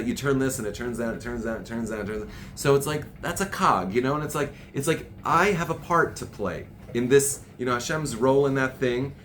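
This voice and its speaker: A middle-aged podcast host leads a casual chat, speaking passionately, raising his voice and repeating himself, with Jewish Orthodox Hebrew and Yiddish terms in his speech. His mid-range voice is a bit bright, and faint background noise is audible.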